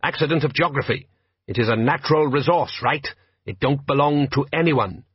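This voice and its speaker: A man's voice: medium pitch, moderate pace, husky, no echo, highs cut off. A man playing an indignant, blustering fisherman father.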